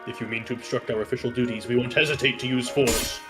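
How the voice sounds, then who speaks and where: A man reading the lines of a dutiful corporate fixer in a brisk, official, matter-of-fact way. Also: mid-range voice, fairly even intonation, loud music behind the voice, close to an everyday voice.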